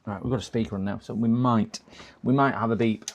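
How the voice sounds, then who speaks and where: A man's voice: fairly low pitch, fairly even intonation, a little fast. A man casually talking through a computer repair on a live stream, muttering to himself and chatting with viewers. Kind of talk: casual running commentary while working.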